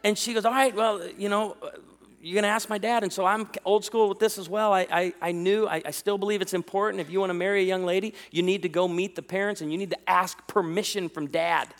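A man in his thirties preaching a sermon, telling stories with jokes in an animated way. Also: high-pitched, brisk, long reverb tail. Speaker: pastor.

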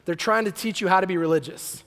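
High-voiced joking male pastor in a hall. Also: quick pace, a bit bright. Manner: conversational, joking, acts out quotes. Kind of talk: casual sermon. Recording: long hall reverb.

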